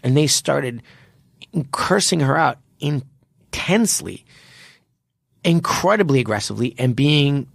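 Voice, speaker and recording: A man with a gravelly, fry-tinged voice talks on a podcast, recorded close and dry. He tells stories animatedly, stumbling and restarting as he goes. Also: mid-range voice, unhurried, pauses often, dry recording. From United States. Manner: animated storytelling with many restarts and fillers. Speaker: podcast host. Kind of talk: casual podcast chat.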